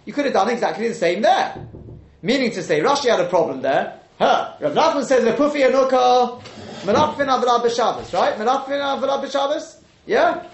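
A man teaching a Talmud class, questioning the texts out loud and mixing in Hebrew and Aramaic terms. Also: very high voice, expressive, moderate pace, reverberant.

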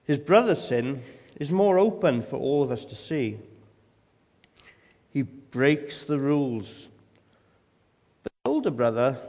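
A man's voice: mid-range voice, big pitch swings, slow, pauses often, a little mellow, lo-fi sound. A man preaching a sermon with emphatic delivery and rhetorical questions. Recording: long hall reverb.

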